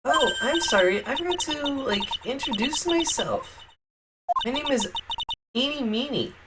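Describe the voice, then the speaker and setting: A woman's voice: high voice, animated, unhurried, heavy background noise, pitched above the performer's own voice. A woman voicing a ditzy young female student with a valley girl manner who rambles and hesitates with many fillers. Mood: airheaded. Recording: music behind, slightly distant mic.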